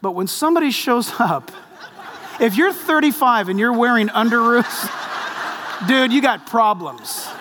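A man in his fifties, a pastor preaching a sermon with lively storytelling and jokes. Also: very high voice, measured pace, background noise. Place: large church hall. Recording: long hall reverb.

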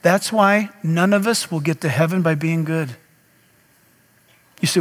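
A man's voice: a little high, measured pace, big-room sound. A man preaching a sermon as pastor, talking straight to his congregation with passion. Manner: impassioned preaching, direct address to congregation.

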